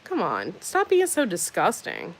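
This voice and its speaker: A woman's voice: lowish voice, wildly swooping pitch, a little slow, creaky. A woman hosting a casual livestream, reading out chat comments with sarcastic, teasing banter. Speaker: livestream host.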